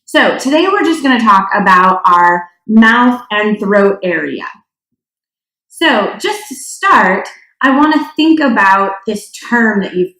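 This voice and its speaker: A woman's voice: medium pitch, fairly bright tone. A young adult woman from North Dakota teaching a singing lesson, chatty, with demonstration sounds. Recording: echoey room.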